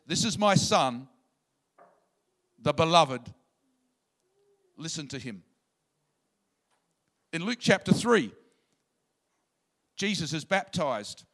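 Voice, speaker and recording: A man preaching a sermon in an animated way, sometimes bursting into loud shouts. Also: sits high.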